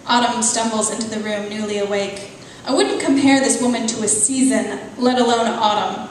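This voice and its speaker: A woman author reading a passage of her novel aloud at a live event, at a measured, unhurried pace. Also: fairly high pitch, fairly even intonation, a little hiss or hum. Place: event venue, indoors. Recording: echoey hall, voice far from mic.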